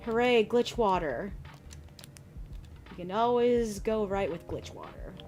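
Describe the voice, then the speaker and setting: A woman's voice: medium pitch, lively intonation, measured pace, music in the background. A woman streaming a game, jittery and nervous, often laughing through her fright. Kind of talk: gaming stream chat.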